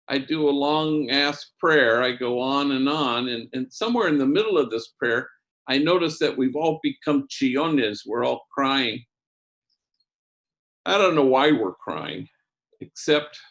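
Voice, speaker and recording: A man who is a priest, telling a story in a talk with lively swings in pitch and loudness. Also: creaky.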